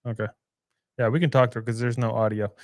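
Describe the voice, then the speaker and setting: An easygoing male podcast host who chats casually and reads out listener messages. His voice is middle-pitched, captured dry on a close mic. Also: steady tone, quick pace, no echo. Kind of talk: casual chat.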